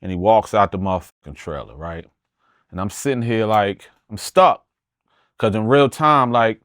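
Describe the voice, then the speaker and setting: A man's voice: fairly low pitch, animated, moderate pace, a bit bright, clear, resonant tone, no echo, clean studio sound. A middle-aged man telling a long story as an interview guest, profane and emphatic, often restarting his sentences. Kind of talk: animated storytelling.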